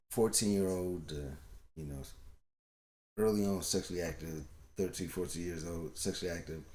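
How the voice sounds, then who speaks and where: Middle-aged man, podcast co-host, loose rambling storyteller, lower voice, echoey room. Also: darkish tone. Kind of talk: casual storytelling chat. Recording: roomy echo.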